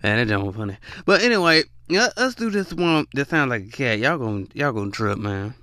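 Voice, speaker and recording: Brief: lively male commentator, bright voice, laughs a lot, dry close mic. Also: mid-range voice, normal speed, no echo. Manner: animated, laughs often, talks straight to viewers. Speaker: commentator reacting to clips. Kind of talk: casual reaction commentary.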